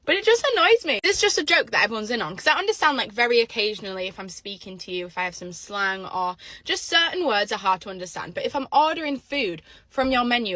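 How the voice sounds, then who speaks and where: A woman's voice: a little high, a bit bright, no echo. A young woman from northern England with a northern English accent, ranting to camera in an exasperated, complaining way. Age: young adult. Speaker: vlogger. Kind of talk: casual rant to camera.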